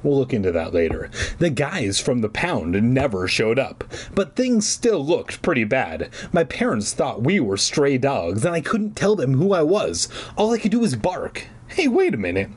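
A man's voice: medium pitch, huge pitch swings, normal speed, breathy edge. A man reading a children's horror book aloud, breaking off for irreverent, swearing jokes. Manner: irreverent, swearing, joking asides. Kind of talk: comedic book reading with asides.

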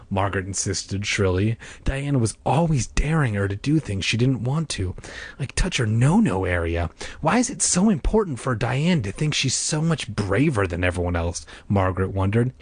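A man with a low voice reads a story aloud, his pitch rising and falling a lot. He drops in deadpan comic asides between the lines. The sound is close and dry. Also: normal speed, no room sound. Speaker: narrator. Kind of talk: comedic story reading.

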